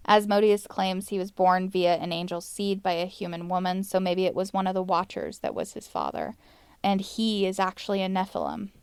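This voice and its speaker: A woman's voice: medium pitch, clean tone, no echo, clean studio sound. A woman hosting a paranormal podcast, chatting casually about demon lore with wry asides. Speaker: podcast host.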